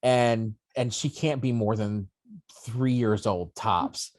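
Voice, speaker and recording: A man co-hosting a casual podcast chat, telling stories in a relaxed way with dry jokes. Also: on the low side, slow pace, no echo. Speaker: co-host.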